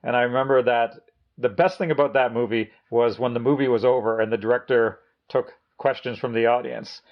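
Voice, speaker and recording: A man's voice: medium pitch, steady tone, fairly quick. A man in casual chat, rambling through anecdotes with frequent yeahs and laughs. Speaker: video store co-host. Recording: dull lo-fi audio.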